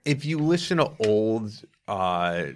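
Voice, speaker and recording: A man's voice: lowish voice, sing-song, slow pace, slight background noise. A man from New York with a faint New York accent, hosting a podcast and bantering casually with his guest, laughing easily. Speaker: podcast host.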